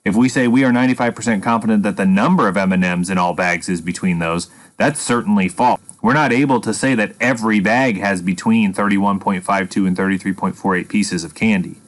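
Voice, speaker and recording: A man's voice: lowish voice, fairly even intonation, fairly quick, hardly any pauses. A man teaching a statistics lesson, explaining patiently and step by step with a dry sense of humor. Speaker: math teacher. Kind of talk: screen-recorded statistics lesson.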